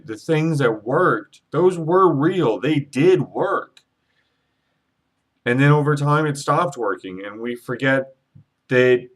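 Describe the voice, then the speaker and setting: Brief: emotional male spiritual vlogger, rambling and earnest, curses casually, mid-range voice. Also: mid-range voice. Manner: rambling, earnest, with swearing and many restarts. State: emotional, holding back tears. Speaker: Reiki practitioner and psychic vlogger. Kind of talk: emotional spiritual vlog monologue.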